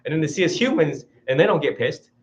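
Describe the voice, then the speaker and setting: A man's voice: on the high side, animated, fast, background noise. A man giving an informal dharma talk as a Buddhist teacher, chatty and self-mocking, laughing often and acting out little voices. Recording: dull lo-fi recording.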